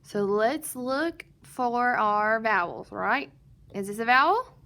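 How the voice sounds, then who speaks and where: Woman teacher doing phonics for little kids, kinda high bright voice, asks herself is this a vowel, nope. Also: lively intonation, creaky. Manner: slow, patient, sounding out word parts; asks and answers her own questions. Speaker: first grade teacher. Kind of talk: recorded phonics lesson.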